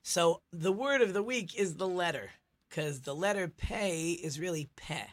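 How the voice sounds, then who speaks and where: A man's voice: high-pitched, a little slow, a bit bright. A middle-aged man, a rabbi hosting a radio talk show, chatty and teacherly, telling jokes.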